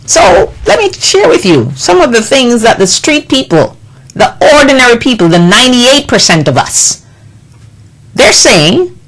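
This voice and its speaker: A woman's voice: a little high, big pitch swings, unhurried, poor audio. A woman delivering an impassioned political monologue, indignant and scolding, with emphatic repetition. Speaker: political commentator.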